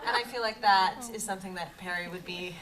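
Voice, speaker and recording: A woman's voice: fairly low pitch, fast talker. A young woman, an actor on a festival panel, answering audience questions in a giggly, self-deprecating way. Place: large hall at a festival. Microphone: handheld camera in the audience. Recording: distant mic, loud crowd and camcorder noise.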